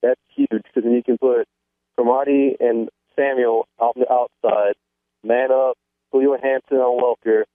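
A man's voice: medium pitch, level tone, normal speed, dry recording. Male radio caller, tinny phone line, dry, laid-back. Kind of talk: phone-in chat.

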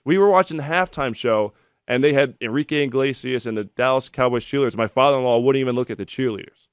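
A man's voice: medium pitch, quick pace, smooth, dry recording, studio quality. A man in his thirties hosting a sports call-in radio show, chatting and telling stories between callers. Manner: chatty, storytelling, animated when telling anecdotes. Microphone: studio microphone.

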